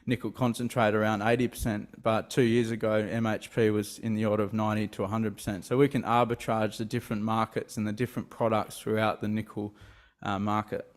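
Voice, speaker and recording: A man's voice: on the low side, level tone, a little fast. A man giving an investor presentation, talking with many fillers and restarts. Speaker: company presenter.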